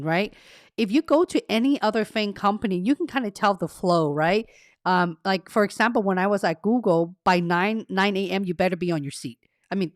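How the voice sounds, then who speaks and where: A woman hosting a casual career-coaching live stream, talking straight to her viewers in a friendly, rambling way. She reads their comments aloud and laughs at herself as she goes. Her voice sits at a middle pitch, recorded close and dry with no room echo. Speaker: career coach and livestream host. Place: carpeted home room treated to cut echo.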